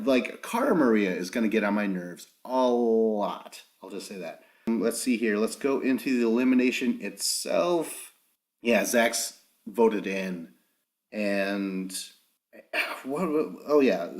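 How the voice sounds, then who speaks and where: A man hosting a podcast, giving a casual recap of a reality show, ranting with lots of swearing and acting out quotes in mocking voices. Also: mid-range voice. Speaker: podcast host.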